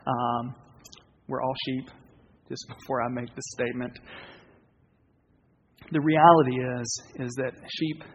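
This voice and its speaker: A man preaching a sermon as pastor, earnest and conversational, with pauses and restarts. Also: mid-range voice, steady tone, breathy edge. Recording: dull, reverberant hall sound.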